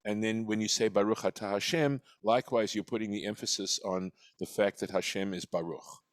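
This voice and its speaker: A man teaching a study class, explaining slowly and reflectively, often restarting his sentences. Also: fairly low pitch, fairly even intonation, dry recording. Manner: reflective and patient, with frequent restarts. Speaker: teacher leading a weekly text study class.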